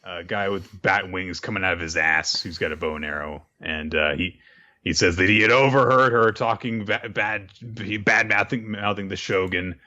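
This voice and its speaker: A man's voice: deep voice, normal speed, highs cut off. A man co-hosting a casual podcast recap, acting out scenes and swearing freely. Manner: animated, acts out scenes, swears. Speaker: podcast co-host.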